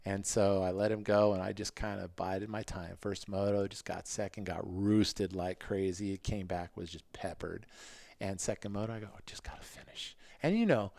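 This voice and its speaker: A middle-aged man recounting old racing days in a relaxed, chatty way. His voice sits fairly low, and he slips into quick acted-out lines of what he was thinking back then. The sound is dry and close, with hardly any room around it. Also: creaky, no room sound. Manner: animated, acts out his own past thoughts in quick quoted asides. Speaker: podcast guest, former motocross racer. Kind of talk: casual storytelling.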